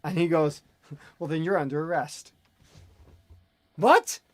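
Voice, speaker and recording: A man holds forth in an animated, ranting way while he chats as host. His voice sits a little high, and the sound is close and dry, with no room around it. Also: normal speed, no echo. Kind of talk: casual chat.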